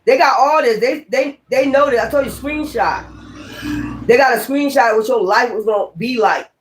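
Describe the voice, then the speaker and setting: A tarot reader gives a casual reading in a blunt, rambling, slangy style, cursing freely and repeating key words. Her voice is slightly high and her speed normal.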